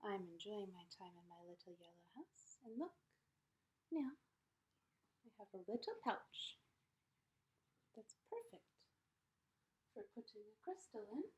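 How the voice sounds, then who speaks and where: A teacher telling a story to children in an expressive way, dropping into whispers at times. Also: female voice, mid-range voice, a little slow, long pauses, low-quality recording. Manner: animated, expressive, drops to whispers.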